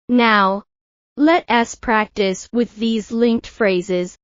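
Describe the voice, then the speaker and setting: A fairly high-pitched woman delivers a scripted pronunciation lesson at an unhurried, deliberate pace, sounding out each example with care. The audio is dry and a little dull, like a lo-fi recording. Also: fairly even intonation, no echo. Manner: slow, careful, over-articulated demonstration. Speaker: English pronunciation teacher. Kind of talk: scripted teaching narration.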